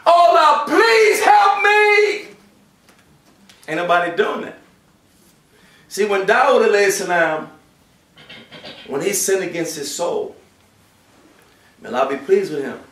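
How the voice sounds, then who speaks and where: A man giving a Friday sermon, switching between shouted acted-out voices and hushed, quiet passages. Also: sits high, normal speed, pauses often. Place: mosque prayer hall. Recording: echoey room from a distance.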